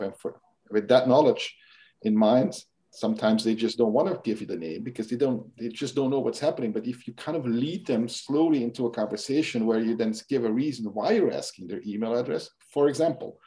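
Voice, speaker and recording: A man's voice: medium pitch, warm tone. A man being interviewed as a guest expert, explaining at length with frequent restarts and fillers. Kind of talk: interview conversation.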